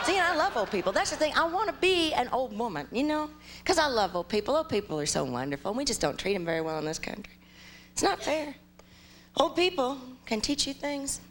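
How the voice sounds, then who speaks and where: A young woman from Ohio doing stand-up on a live stage, her voice swooping up and down as she exaggerates her stories. She performs with lively, theatrical timing, and a faint hiss sits under the recording. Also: a little high, fairly quick. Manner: animated, exaggerated storytelling. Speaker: stand-up comedian. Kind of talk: stand-up comedy set.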